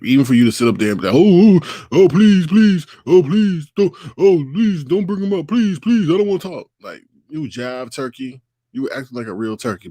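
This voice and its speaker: On his casual livestream, a man rants and mocks the people he's talking about with impressions, speaking into a computer mic. His voice is medium-pitched, and the sound is clean, studio-like, and free of echo.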